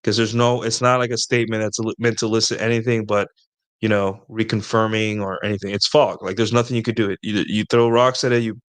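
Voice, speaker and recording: A man's voice: fairly low pitch, little pitch movement, quick pace, no echo. A man hosting a casual advice talk. He rambles, restarts sentences often, and keeps checking in with "right?" and "like". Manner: rambling, repeats points with "right?" and "like". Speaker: host answering viewer questions.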